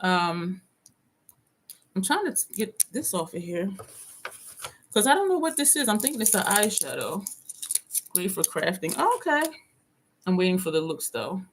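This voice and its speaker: A woman's voice: lowish voice, very animated, moderate pace, pauses often, a little hiss or hum. A woman vlogger chatting casually on a live stream from her home desk, talking to viewers by name and reading their comments aloud.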